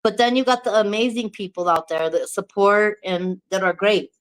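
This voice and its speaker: A woman's voice: medium pitch, normal speed, rough recording. A woman vlogger from New Mexico chatting casually to the camera, candid, swearing freely and laughing often.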